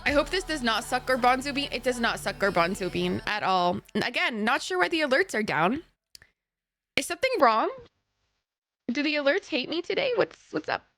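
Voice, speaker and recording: A young woman chats casually on a live stream in a high, lively voice that leaps up and down. She is sniffly from sinus trouble, apologizes often and swears freely, with faint music behind her. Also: normal speed, no room sound. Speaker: game streamer.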